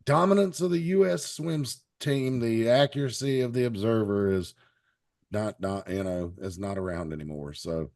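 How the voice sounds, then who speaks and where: A man's voice: lowish voice, normal speed, a little mellow. A man hosting a wrestling panel show, talking in a rambling, wry, joking way. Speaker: podcast host. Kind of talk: casual chat.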